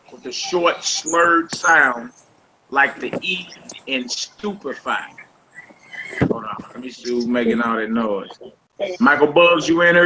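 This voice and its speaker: A man teaching a casual group Hebrew lesson over a voice call, quizzing his students in a relaxed, conversational way. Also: a little high, background noise.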